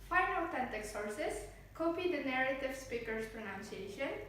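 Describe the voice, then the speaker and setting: A woman student presenting a scripted phonetics lesson, explaining each sound slowly and carefully. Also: high-pitched, lively intonation, fairly bright tone. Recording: echoey room with faint noise.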